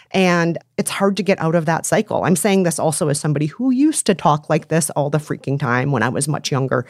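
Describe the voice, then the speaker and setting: A woman's voice: sits low, a little mellow, dry recording, clean studio sound. A woman co-hosting an advice podcast, chatting with empathy and emphatic repetition. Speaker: podcast co-host. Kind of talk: casual advice chat.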